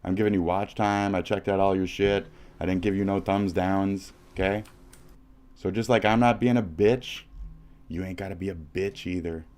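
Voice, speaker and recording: A man from the United States with a low voice hosts a livestream. He delivers an aggressive, profane rant and taunts his target with insults he keeps repeating. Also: fairly even intonation, normal speed, darkish tone, slight background noise.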